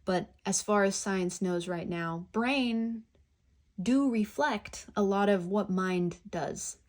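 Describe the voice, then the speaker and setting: A woman giving a pick-a-card tarot reading, talking in a gentle, effusive, spiritual way. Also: medium pitch, slow.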